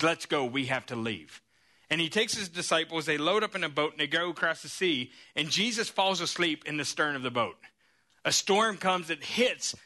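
Guy preaching, lively storyteller, keeps asking okay? right?, crisp bright tone. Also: on the high side. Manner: animated storytelling with frequent "okay?" and "right?" check-ins. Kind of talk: sermon.

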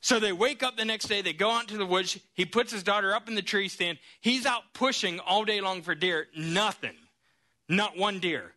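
Bright high-voiced storytelling preacher. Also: male voice. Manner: animated storytelling. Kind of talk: sermon.

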